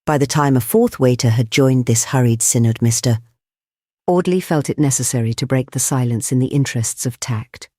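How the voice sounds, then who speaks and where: An audiobook narrator reading a classic detective story in a measured, even way. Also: medium pitch, dry recording, studio quality. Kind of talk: scripted narration of a classic novel.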